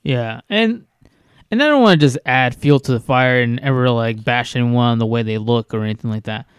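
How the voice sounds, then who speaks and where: A man's voice: mid-range voice, fairly quick, clear, resonant tone, no room sound, clean studio sound. A man co-hosting a casual chat, retelling a story with frequent hesitations. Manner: hesitant storytelling with many "um"s and restarts. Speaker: podcast co-host.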